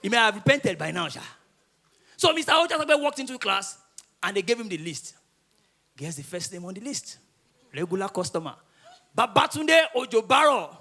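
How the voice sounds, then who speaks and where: A male Nigerian comedian performs stand-up, telling his stories in a lively, bouncing voice. He is very high-pitched and sharp, and he often laughs mid-sentence. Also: fairly quick, vocal fry, pauses often. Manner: animated storytelling, often laughing through his lines.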